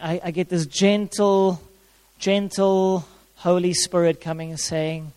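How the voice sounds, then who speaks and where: A man's voice: high-pitched, flat delivery, takes it slowly, darkish tone, clean tone. A man preaching a sermon, repeating his key phrases for emphasis and showing props to his congregation. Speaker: pastor. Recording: long hall reverb.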